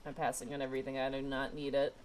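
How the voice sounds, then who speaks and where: A woman hosting a live game stream, chatting with friends in a sarcastic manner with quick asides. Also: extremely low pitch, completely flat delivery, slight background noise. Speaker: streamer host. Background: game music.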